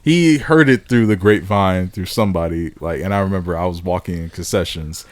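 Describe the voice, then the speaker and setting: A man's voice: low voice, brisk, no room sound. A man co-hosting a podcast in casual chat, who laughs often and acts out the people he quotes. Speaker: podcast co-host.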